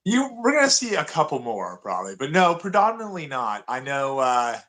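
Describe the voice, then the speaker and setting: A man's voice: medium pitch, very animated, brisk, a bit bright. A man co-hosting a podcast, chatting easily about old video games with frequent restarts. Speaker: podcast co-host. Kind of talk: casual gaming chat.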